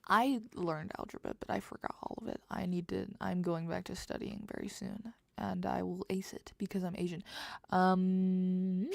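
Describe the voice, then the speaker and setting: A woman's voice: mid-range voice, creaky, darkish tone, no echo. A young woman streaming as she writes, talking in a casual, rambling way and often half-whispering her thoughts. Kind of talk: casual livestream chat while writing.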